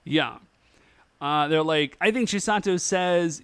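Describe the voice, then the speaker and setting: A man co-hosting a podcast in casual chat, recapping the plot in a relaxed way. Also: a little high, slow pace, clean tone, no echo. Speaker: podcast co-host.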